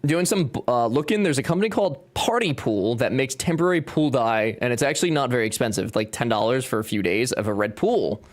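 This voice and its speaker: A man's voice: medium pitch, animated, brisk, few pauses. A young man with a Cajun accent, chatting casually and joking with his live chat while he builds. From Louisiana. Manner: joking, reading chat aloud. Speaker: streamer.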